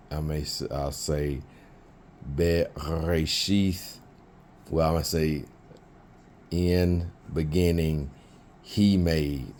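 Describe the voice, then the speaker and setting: A man's voice: very deep voice, darkish tone, a little hiss or hum. A man teaching biblical Hebrew in an informal lesson, thinking aloud with fillers and restarts.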